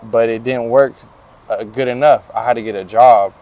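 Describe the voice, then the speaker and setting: A man's voice: medium pitch, steady tone, normal speed, dull audio. A young man in an outdoor interview, telling stories from his life in a slangy, laid-back way. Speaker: interview guest. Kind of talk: casual storytelling interview.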